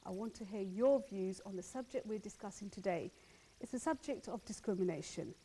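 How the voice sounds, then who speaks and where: A woman hosts a phone-in talk show, earnest and a little halting. Her voice is mellow and of middle pitch. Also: slight background noise. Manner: earnest, repeats words as she builds points. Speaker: host.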